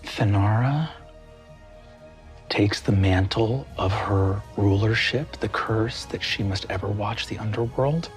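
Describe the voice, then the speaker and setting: A man narrating a tabletop game as game master, in slow, measured, hushed narration. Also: lowish voice. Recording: faint music underneath.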